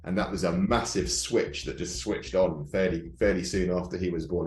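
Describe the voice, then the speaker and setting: A man's voice: deep voice, fairly even intonation, normal speed, darkish tone, echoey room, faint music behind. A man, a founder, chatting candidly and reflectively on a podcast. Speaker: startup founder guest. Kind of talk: casual podcast chat.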